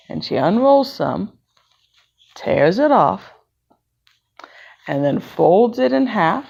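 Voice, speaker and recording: A woman storyteller narrating a children's tale in an animated way, acting out each character. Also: mid-range voice, takes it slowly, creaky, pauses often, slightly rough, highs cut off. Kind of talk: bedtime-style storytelling.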